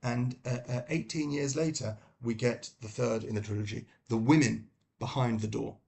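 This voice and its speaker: Halting, gravelly British man. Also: mid-range voice, fairly even intonation, warm tone. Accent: British English. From London, England. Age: middle-aged. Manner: halting, many ums and uhs and restarts. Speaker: book vlogger. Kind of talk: casual book review talk.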